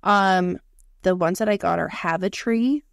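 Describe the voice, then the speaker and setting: This Canadian woman in her thirties co-hosts a podcast, chatting casually and talkatively while swearing freely and leaning on "like" as filler. Her voice sits fairly low, a little slow and creaky. The recording is dry and studio quality.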